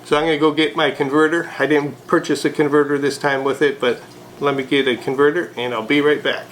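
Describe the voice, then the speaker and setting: A man vlogging a casual unboxing of a fountain pen, chatty and relaxed with frequent hesitations. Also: fairly high pitch, a little fast, a little hiss or hum, poor audio.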